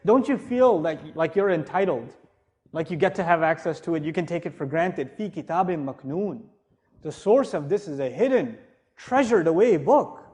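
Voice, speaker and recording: High-voiced man giving a lively lecture. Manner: humorous, conversational, with rising emphatic passages. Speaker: Islamic speaker. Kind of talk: lecture to a live audience.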